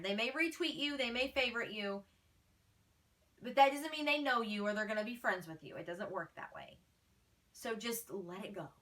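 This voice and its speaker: A woman's voice: on the high side, sharp tone, distant mic. A woman fan page admin answering fan questions in a casual vlog, blunt, feisty and exasperated.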